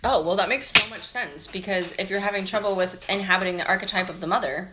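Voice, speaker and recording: A woman co-hosting a casual tarot chat, lively and quick to laugh. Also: mid-range voice, heavy background noise. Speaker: tarot co-host.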